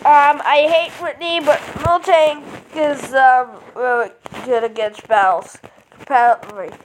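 A woman commenting casually on a mobile game, excitable and full of dramatic protests. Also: sits high, unhurried, slight background noise. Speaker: game player.

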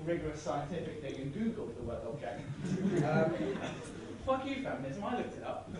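A young man doing sardonic, rambling stand-up comedy at a student debating society, swearing freely and laughing at his own jokes, heard from a distance in an echoey hall over loud audience laughter. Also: on the high side, very noisy. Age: young adult. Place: large hall with live audience.

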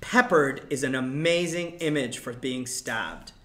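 A man's voice: mid-range voice, unhurried, roomy sound, slight background noise. A man teaching a class about a play, explaining lines and acting out quotes with energy. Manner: animated, acts out quoted lines.

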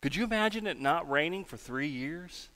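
Man, pastor, children's sermon, bright tone, reverberant sanctuary. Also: a little high, normal speed. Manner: animated storytelling, folksy. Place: church sanctuary.

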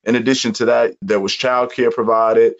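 A man from Chicago, a podcast guest, telling his life story in an earnest, measured way during an interview. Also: mid-range voice, level tone, creaky. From Chicago, USA. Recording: dull lo-fi audio.

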